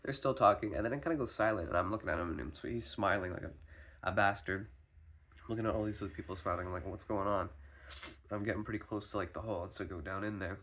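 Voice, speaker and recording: Husky anxious man recounting a dream. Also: on the low side, fast talker, a bit bright. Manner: rambling, anxious, swearing, many restarts. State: sick, foggy. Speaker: vlogger. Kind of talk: personal video diary.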